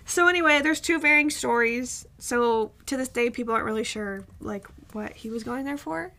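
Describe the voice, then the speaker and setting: Podcast co-host, woman, fairly high pitch with vocal fry, loose rambling storyteller. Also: moderate pace, sharp tone. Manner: rambling with frequent ums and restarts. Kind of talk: casual storytelling chat.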